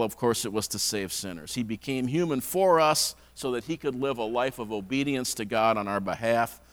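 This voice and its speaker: Guy preaching in church, chatty, long echo off the walls. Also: mid-range voice. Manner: conversational, repeats words when restarting. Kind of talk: sermon. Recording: long hall reverb.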